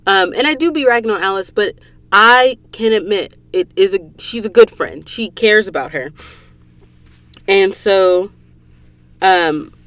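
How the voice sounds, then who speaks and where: A young woman from the American South with a Southern accent, hosting a podcast and recapping a book in a casual, animated way, acting out the characters' dialogue. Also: mid-range voice, a little slow, no echo. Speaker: podcast host.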